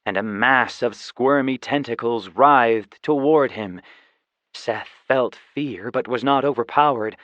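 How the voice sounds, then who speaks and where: A man narrating a fantasy audiobook in a steady, even storytelling voice. The recording is dry, with a slightly dull, muffled tone. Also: mid-range voice, no room sound. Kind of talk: scripted narration.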